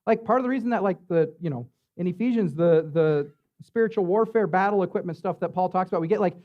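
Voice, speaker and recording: A man with a high voice preaches a sermon as the church's pastor. He talks in a relaxed, chatty way, leaning on fillers and asking his listeners "right?" along the way. The sermon recording is muffled and lo-fi. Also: fast talker. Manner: conversational, filler-heavy preaching with tag questions.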